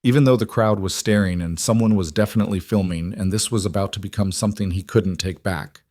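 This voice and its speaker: A man narrating a dramatic story in a steady, scripted manner. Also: on the low side, quick pace, dry recording, clean studio sound.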